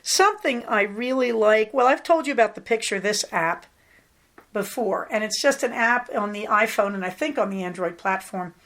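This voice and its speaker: A middle-aged woman from Southern California hosts a podcast, speaking at a normal speed in a medium-pitched, fairly bright voice. Her casual chat is talkative, rambling, and affectionate.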